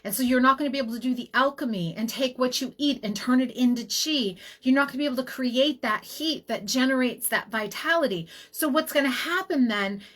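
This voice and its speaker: A middle-aged woman health practitioner giving a casual teaching talk, telling stories with quick asides. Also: high-pitched. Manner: animated storytelling with quick asides.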